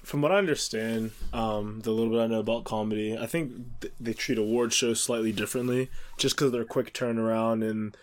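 A man's voice: lowish voice, fairly even intonation, a little fast, few pauses. A man chatting casually on a podcast, giving opinions and often restarting his sentences. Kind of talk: casual chat.

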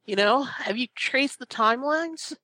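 A woman playing a tabletop role-playing game, describing places in a hesitant, halting way with frequent restarts. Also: sits high, bright, forceful tone, no room sound. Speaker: player. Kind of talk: casual tabletop play.

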